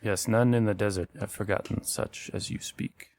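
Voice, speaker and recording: A man's voice: fairly low pitch, steady tone, moderate pace, a little mellow, close to an everyday voice. A man voicing a dignified male desert village elder in a tabletop role-play, speaking formally and courteously.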